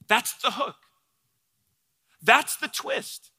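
A man's voice: extremely high pitch, animated, drawn-out words, bright, forceful tone, breathy edge, big-room sound. A man preaching a sermon, earnest and explanatory, who asks his listeners questions as he works through a passage. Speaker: pastor.

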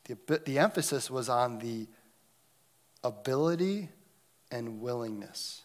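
A man preaching a sermon, swinging between loud emphatic lines and hushed, almost whispered moments. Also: mid-range voice, expressive, takes it slowly. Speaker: pastor.

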